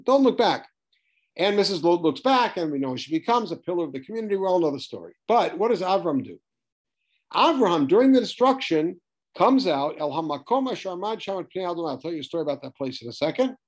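Guy giving a bible study lecture, voice kinda high, really bouncy and up and down, keeps firing questions at the class. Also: fast talker. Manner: animated, questioning, emphatic. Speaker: Torah teacher.

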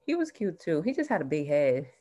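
A woman's voice: deep voice, sing-song, a little fast, mellow. A woman co-hosting a podcast in casual chat, laid-back and slangy, laughing often. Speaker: podcast co-host.

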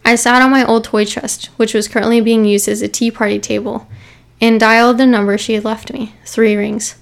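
A young woman hosting a podcast, reading a scary story aloud in a steady, measured way and dropping to a whisper at chilling moments. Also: fairly high pitch, vocal fry.

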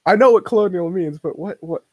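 A young woman co-hosting a podcast, chatting casually and playfully about a TV episode, quick to agree and joke. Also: fairly low pitch, darkish tone, slightly rough. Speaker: podcast co-host. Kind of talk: casual chat recapping a TV episode.

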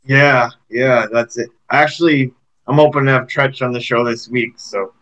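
A man's voice: mid-range voice, fairly even intonation, moderate pace, fairly bright tone. A man with a Canadian accent hosting a podcast, easygoing and asking short questions. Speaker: podcast host. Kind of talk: casual interview chat. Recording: dull lo-fi sound.

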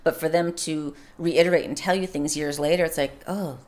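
A mother in her forties talking openly and warmly about raising her children, in a casual podcast conversation. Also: sits low, fairly even intonation. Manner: open, heartfelt storytelling, quick to laugh. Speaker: podcast guest. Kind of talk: casual chat.

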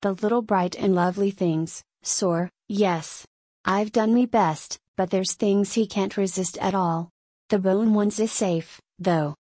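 A woman's voice: medium pitch, a little slow, mellow, no echo, studio quality, natural voice. A woman voicing a shy, eager young Irish serving boy who keeps calling his master "sor". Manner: humble, says "sor" often.

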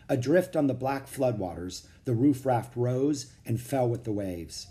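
A man narrating a children's chapter book aloud in a steady, expressive reading. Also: mid-range voice, takes it slowly. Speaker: audiobook narrator. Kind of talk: storybook read-aloud.

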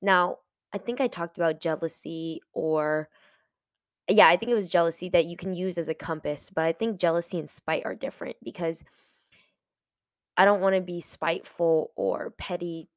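A woman's voice: fairly low pitch, moderate pace, dry recording, clean studio sound. A 21-year-old woman hosting a solo podcast, chatty and reflective and laughing often as she talks. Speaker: podcast host. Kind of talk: casual solo podcast talk.

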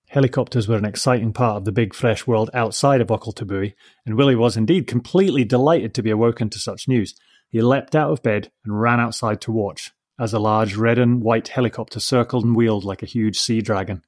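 A man reading a children's story aloud in a gentle, measured way, softly giving voice to the dialogue. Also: lowish voice. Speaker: narrator. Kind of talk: storybook narration.

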